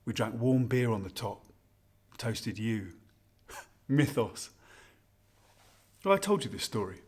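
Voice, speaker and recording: An actor with a medium-pitched, slightly rough voice performs a full character voice, speaking slowly with big pitch swings. Narrating a scripted monologue, he plays a husband toasting his wife on their anniversary, reminiscing fondly and ruefully in an intimate, confiding, rambling, wistful way.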